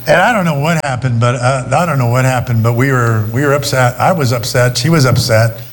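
A man's voice: mid-range voice, brisk. A middle-aged man preaching a sermon, telling a personal story in a conversational way. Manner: storytelling, conversational, many restarts. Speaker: pastor.

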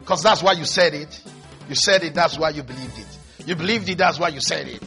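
Brief: male preacher with a high, bright voice and fervent, repetitive delivery. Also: brisk, soft background music. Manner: fervent, repetitive, rising to shouts. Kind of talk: sermon.

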